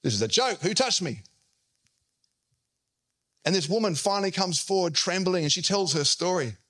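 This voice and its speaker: Aussie pastor guy preaching, high bright voice, acts out the quotes. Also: animated, fast talker. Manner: storytelling, acting out quotes in shifting voices. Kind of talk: sermon.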